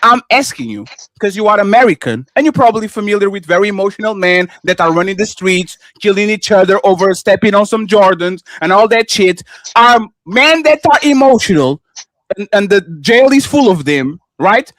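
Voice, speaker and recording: A man co-hosting a live panel show speaks English as a second language, his high voice slightly bright with lively intonation at a normal speed and no echo. In a heated debate he insistently cuts in on a guest, repeating "sir" to interrupt, and lectures him.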